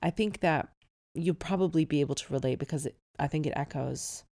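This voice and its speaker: A woman's voice: low-pitched, brisk, warm tone. A woman hosting a podcast, reading listener emails aloud and keeps breaking into laughter. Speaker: podcast host.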